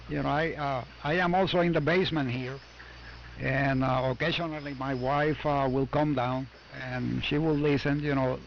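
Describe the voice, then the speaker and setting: An older man from Puerto Rico with a Puerto Rican Spanish accent, chatting on ham radio from his basement in a friendly, halting way, full of "uh" and "you know". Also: mid-range voice, vocal fry. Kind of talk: casual on-air radio chat. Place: home basement. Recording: muffled amateur radio audio, faint static.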